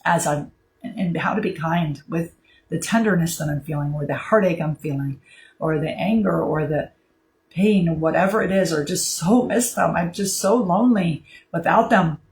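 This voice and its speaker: Woman chatting gently about grief, lots of ums and restarts, easygoing. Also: lowish voice, normal speed, low-quality recording. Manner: gentle, rambling, with fillers and restarts. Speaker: grief support speaker. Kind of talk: casual spoken advice to camera.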